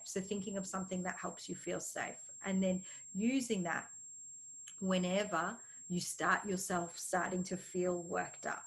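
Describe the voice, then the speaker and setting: A woman's voice: mid-range voice, low-quality recording. A woman teaching a mindfulness parenting class, repeating key phrases and checking that listeners follow.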